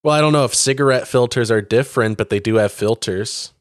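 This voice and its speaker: Podcast co-host, male, mid-pitched and deadpan, dry close-miked sound. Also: no echo. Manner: dry, offhand jokes and quick riffs. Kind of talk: casual chat.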